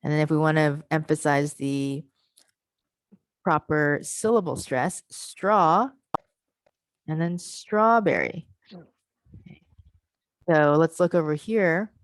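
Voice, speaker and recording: Low-voiced woman presenting a teaching workshop. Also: fairly even intonation, smooth, no echo. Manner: explains step by step, modelling sounds with slow drawn-out syllables. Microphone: video call.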